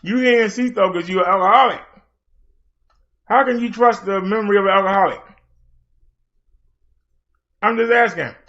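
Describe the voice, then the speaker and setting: A man's voice: very high-pitched, a bit bright, dull audio. A man hosting a late-night livestream, challenging and mocking an absent critic. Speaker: livestream host.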